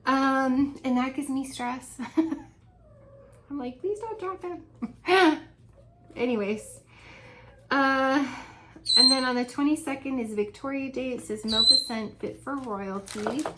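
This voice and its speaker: A woman's voice: fairly high pitch, heavy background noise. A woman vlogging from home in a casual, chatty, rambling way, laughing often as she talks. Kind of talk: casual chat.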